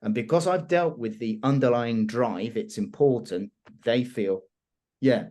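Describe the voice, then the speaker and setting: A man trainer teaching influence techniques in an animated, expressive conversational way. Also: medium pitch, unhurried. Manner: animated, expressive, laughs often.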